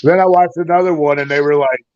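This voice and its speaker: A man's voice: on the high side, fairly even intonation, quick pace, darkish tone, smooth, no room sound. A man guesting on a podcast, telling stories in a profane, laughing way. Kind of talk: casual chat. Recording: dull lo-fi audio.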